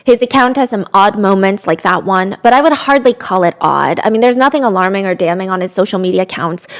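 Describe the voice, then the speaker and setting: A young woman hosting a podcast, telling a true-crime story with chatty, animated asides and quoted voices. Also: mid-range voice, brisk. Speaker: podcast host.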